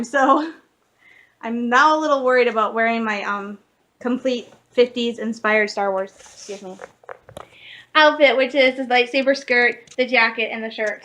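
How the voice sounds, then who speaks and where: A young woman from Michigan talks casually to her viewers in a daily vlog. Her voice is bright and a little high, and she tells stories in an excitable, rambling way. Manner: chatty, excitable storytelling with laughs. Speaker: vlogger.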